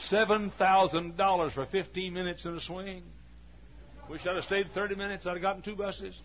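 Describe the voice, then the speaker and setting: A man's voice: high voice, fairly even intonation, normal speed. Folksy preacher in his forties. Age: 40s. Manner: folksy, chatty, full of "uh" fillers. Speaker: pastor. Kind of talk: storytelling sermon. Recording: dull lo-fi recording with faint hum.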